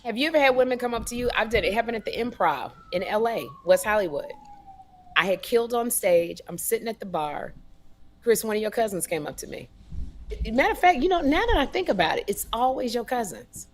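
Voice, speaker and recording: A woman telling a comic story in a casual chat. Her pitch swoops widely up and down, and she acts out the voices of the people in her story. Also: fairly quick. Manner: animated storyteller acting out voices. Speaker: co-host.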